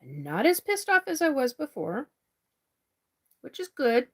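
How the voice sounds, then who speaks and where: A woman's voice: high voice, wildly swooping pitch, a little slow. A woman hosting a live stream, chatting casually and reading out viewer comments, cursing freely when riled. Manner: chatty, swears when angry.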